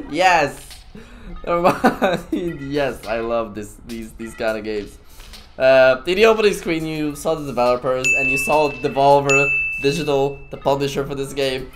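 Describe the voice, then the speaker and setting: A young man giving goofy, playful let's-play commentary as a gaming YouTuber, laughing often and at times shouting. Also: medium pitch, slow, faint music behind.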